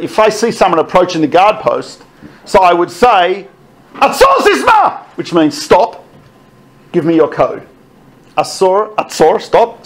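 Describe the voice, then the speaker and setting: A middle-aged man telling army stories to an audience, animated and laughing often as he quotes others. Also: sits high. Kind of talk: storytelling talk.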